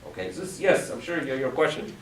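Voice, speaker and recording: A man, a rabbi, teaching a class to a congregation, lively and full of rhetorical questions. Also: medium pitch, quick pace, slight background noise. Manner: animated, asks rhetorical questions. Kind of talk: lecture to a congregation. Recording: echoey room, mic at a distance.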